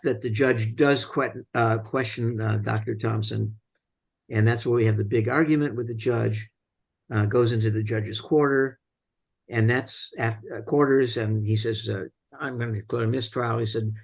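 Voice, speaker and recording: A man hosting a film discussion, retelling scenes casually with many fillers and restarts. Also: mid-range voice.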